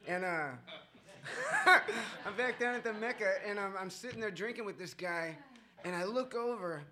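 A man's voice: high-pitched, moderate pace, a crowd in the background. A man sharing his own story with a group at a recovery meeting. He rambles and mocks himself, with many fillers and chuckles.

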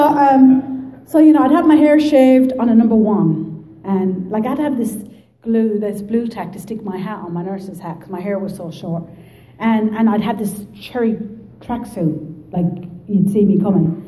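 A woman with an Irish Midlands accent telling her story at a recovery meeting, lively and joking. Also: medium pitch, normal speed, reverberant, poor audio. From Ireland. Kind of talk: personal testimony to an audience.

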